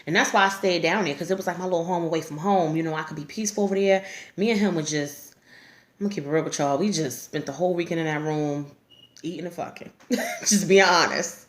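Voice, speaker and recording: A woman's voice: on the low side, quick pace. A woman vlogger telling a story to camera in a frank, profane way, laughing often as she talks. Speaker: YouTube storyteller. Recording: echoey room.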